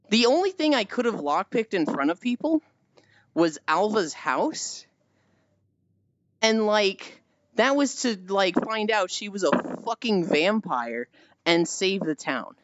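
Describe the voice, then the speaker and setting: A woman's voice: mid-range voice, big pitch swings, takes it slowly, long pauses, no room sound, highs cut off. A woman streamer chatting casually with viewers, telling stories animatedly and swearing often.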